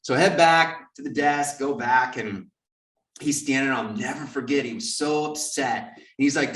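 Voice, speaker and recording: A man hosting a podcast, telling a lively story and acting out the quoted lines. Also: fairly high pitch, normal speed. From California. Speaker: podcast host. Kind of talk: storytelling in casual interview. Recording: roomy, distant mic.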